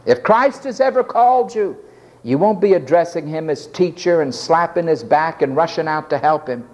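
High-voiced impassioned male preacher. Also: expressive, normal speed, darkish tone. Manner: impassioned preaching, dramatically acting out quoted speakers. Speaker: pastor. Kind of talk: sermon.

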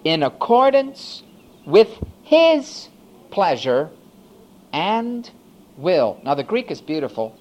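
A male pastor preaching a sermon, swinging from hushed asides to loud, emphatic declarations. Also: on the high side, sing-song, slow pace.

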